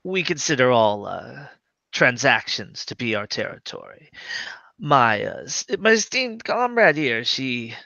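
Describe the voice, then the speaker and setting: Tabletop player, slow halting speech, bright tone, dull dry recording. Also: mid-range voice, very animated, gravelly, no echo. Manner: slow, hesitant, many fillers. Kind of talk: in-character tabletop role-play.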